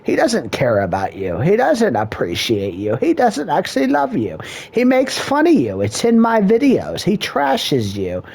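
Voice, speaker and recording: A man's voice: high voice, wildly swooping pitch, unhurried, creaky, hardly any pauses, darkish tone. A man playing a mock marriage counselor in crude improvised comedy, drawling in a mock-serious way.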